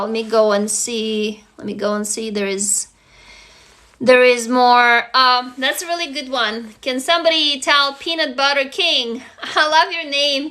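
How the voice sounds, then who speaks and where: A woman with a high, bright voice hosts a casual livestream from her phone. She talks earnestly and with feeling, straight to her viewers, with the odd curse word. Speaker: livestream host. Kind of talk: casual self-help livestream talk.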